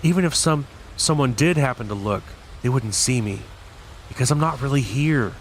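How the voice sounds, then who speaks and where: A man reading aloud and voicing a frightened young boy who talks breathlessly, rising into shrill alarm. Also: animated, normal speed, slight background noise, close to an everyday voice. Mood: uneasy.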